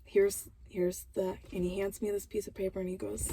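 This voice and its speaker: A woman with children telling a personal story in casual vlog style, animated, with loud laughing outbursts and hushed asides. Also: mid-range voice, moderate pace, gravelly, background noise. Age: adult with children. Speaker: vlogger.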